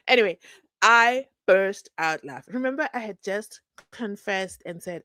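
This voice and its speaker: A woman's voice: mid-range voice, animated, unhurried, pushed and bright. A woman talks straight to her live-stream audience, reading comments and spinning anecdotes. Her tone is playful and teasing, and she often laughs at her own jokes. The sound is dry and close, with no room echo. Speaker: livestream host.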